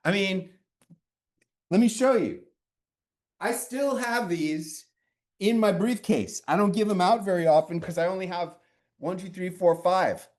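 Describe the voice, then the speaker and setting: Male media coach, fairly high voice, blunt and animated, swears casually while telling stories. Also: a little slow, long pauses. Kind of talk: coaching session with storytelling.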